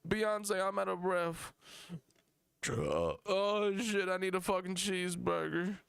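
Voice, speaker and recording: A man's voice: high voice, expressive, takes it slowly, creaky, fairly bright tone, clear, resonant tone, dry recording, clean studio sound, voice pushed up, exaggerated voice. A man doing a winded, aging rap star. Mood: winded bragging. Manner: breathless, bragging, then bewildered. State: out of breath. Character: worn-out aging male rap star, boastful and confused.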